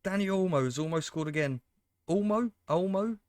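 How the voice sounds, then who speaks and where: A man commentates on his own football management game, sarcastic and exasperated as chances go begging. His voice sits a touch high and sounds dry and close. He keeps talking straight to his viewers. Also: lively intonation, normal speed, a little mellow, no echo. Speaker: gaming commentator. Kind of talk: casual let's-play commentary.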